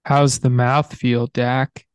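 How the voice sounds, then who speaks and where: A man's voice: medium pitch, level tone, slow, clean tone, dry recording. A man co-hosting a podcast in casual chat. He jokes at his own expense and steers the conversation along. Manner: joking, self-deprecating, steers the conversation. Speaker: podcast co-host.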